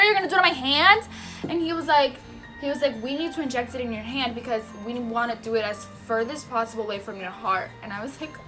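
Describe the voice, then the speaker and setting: A young woman telling a personal story in a casual vlog, acting out the voices of the people in it, laughing often and dropping to a hush at tense moments. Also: a little high. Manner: animated, acts out the voices in her story. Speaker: patient telling her surgery story.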